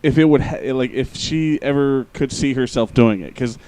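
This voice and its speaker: A man's voice: medium pitch, normal speed, mellow. A man co-hosting a casual podcast, laughing often and swearing freely. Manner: laughs often, crude jokes. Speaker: podcast co-host. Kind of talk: casual chat.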